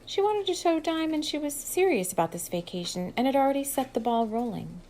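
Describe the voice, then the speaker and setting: A woman's voice: sits high, very animated, fairly quick, a little mellow, a little hiss or hum, rough recording. A woman steadily reading her own novel aloud as an audiobook. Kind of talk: audiobook narration.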